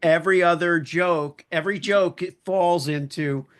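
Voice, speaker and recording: Host: man with a slightly higher voice, an animated storyteller retelling jokes in easy chat. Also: moderate pace. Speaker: podcast host. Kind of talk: casual podcast conversation.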